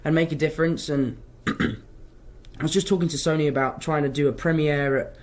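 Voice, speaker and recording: A man's voice: fairly high pitch, fairly even intonation, moderate pace. A young man from London answers fan questions in an English accent, his voice sitting slightly above the usual male range. He talks loosely and cheerfully, wandering off track as he goes, in the easy manner of a casual live Q&A. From London, England. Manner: rambling, chatty, wanders off track.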